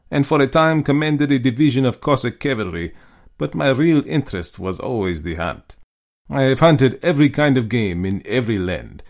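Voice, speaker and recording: A man voicing a suave, menacing aristocratic hunter in a storybook reading, speaking slowly and courteously. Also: medium pitch, close to an everyday voice. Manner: slow, measured, courteous.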